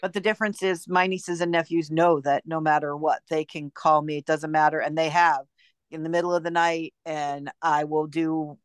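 Smooth-voiced chatty woman. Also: sits low, level tone, moderate pace, no echo, studio quality. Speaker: podcast guest. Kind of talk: casual podcast chat.

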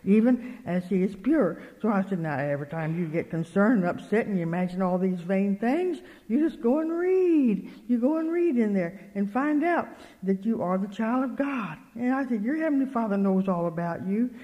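An older woman speaking at a religious meeting uses an animated, brisk, medium-pitched voice for her folksy sermon, earnestly performing both halves of the conversations in her stories. High frequencies are cut off, and the hall's reverb lingers long.

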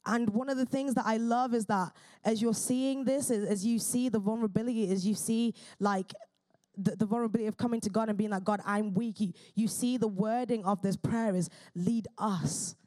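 Earnest woman preaching, mellow voice. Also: on the high side, steady tone. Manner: earnest, fervent, with quick restarts. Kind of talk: sermon.

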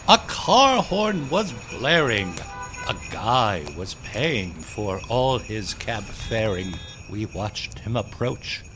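A man's voice: fairly low pitch, fairly bright tone. A man narrating rhymed holiday verse in a sing-song storytelling manner.

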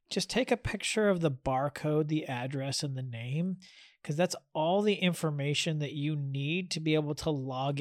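A man with a somewhat higher voice co-hosting a loose comedy podcast, relaxed and teasing as he trades tips and ribs his partner. The sound is close and dry, with no room around it. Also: dry recording. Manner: laid-back, teasing, laughs easily. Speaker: podcast co-host. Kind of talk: casual comedic chat.

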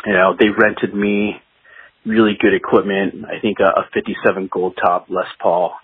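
A man's voice: sits low, little pitch movement, moderate pace, breathy edge, dry recording. A man being interviewed as a guest guitarist, telling rambling studio stories in a casual way and laughing as he goes. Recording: tinny phone-like line, dry.

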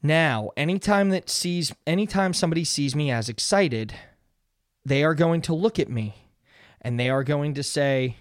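A man's voice: on the high side, expressive, moderate pace, dry recording, studio quality. A young man hosting a solo motivational podcast, talking earnestly and conversationally and often checking in with "right?". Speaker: podcast host.

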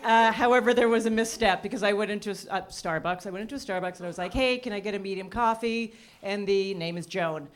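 A woman's voice: mid-range voice, fairly bright tone. A woman doing a stand-up comedy set, chatty and self-mocking, acting out the voices she quotes. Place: comedy stage before a live audience. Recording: live club crowd laughing. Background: audience laughter.

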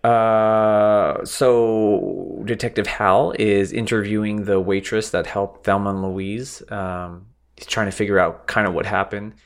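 A man's voice: fairly low pitch, flat delivery, a little slow. A man co-hosting a podcast, recapping a film bluntly, swearing freely and correcting himself. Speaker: podcast co-host. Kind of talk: casual movie discussion.

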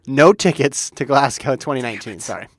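Co-host, male, mid-pitched, teasing quizmaster energy, dry studio sound. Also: expressive, moderate pace, dry recording. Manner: playful, quizzing his co-host. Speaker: podcast co-host. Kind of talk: casual chat.

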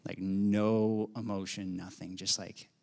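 A man casually sharing a testimony at a church gathering, rambling and animated, with lots of fillers. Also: sits low, measured pace, vocal fry. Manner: animated, filler-heavy storytelling with acted quotes. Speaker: congregation member sharing a testimony.

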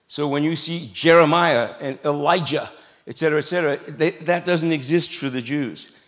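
A man's voice: a little high, normal speed, fairly bright tone. Man preaching a casual, jokey sermon. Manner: conversational, jokey preaching with asides to the congregation. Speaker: pastor. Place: church sanctuary.

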